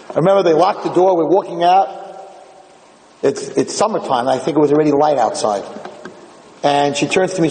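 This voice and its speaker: A man's voice: on the high side, a little hiss or hum. A man, a rabbi, telling a story during a sermon in a synagogue and acting out the dialogue. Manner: animated storyteller who acts out dialogue. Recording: echoey hall with faint ambience.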